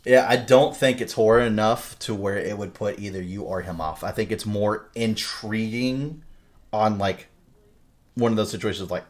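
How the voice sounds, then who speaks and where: Man, podcast co-host, casual chat, animated movie retelling, lots of swearing and filler words. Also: on the low side, normal speed. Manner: animated storyteller, heavy swearing, many fillers.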